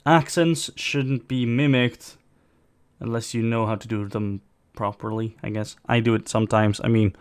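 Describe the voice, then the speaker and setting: A smooth, lowish male voice belongs to a reaction video host from Sweden whose non-native English blends British and American accents. His casual reaction commentary is rambling, opinionated and filler-heavy.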